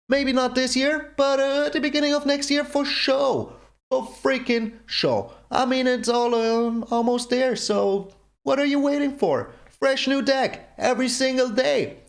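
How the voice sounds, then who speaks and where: On his own gameplay channel, a man with a very high-pitched voice and vocal fry comments on a card game, ranting in exasperation and repeating himself over and over.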